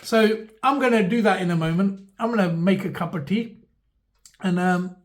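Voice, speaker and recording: A man's voice: high voice, moderate pace. A man, talking to camera in a rambling, mock-earnest comic monologue with many fillers. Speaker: vlogger.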